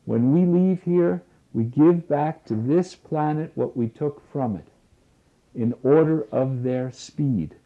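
A man giving a spiritual lecture in a slow, deliberate way, repeating key phrases for weight. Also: on the high side. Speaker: spiritual teacher. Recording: tinny phone-like lo-fi recording.

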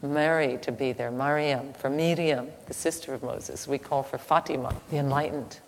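Woman, spiritual teacher, low gravelly voice, slow halting delivery, echoey hall. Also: steady tone. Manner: slow, halting, soft-spoken. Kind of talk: devotional teaching with a story. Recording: echoey hall, faint ambient noise.

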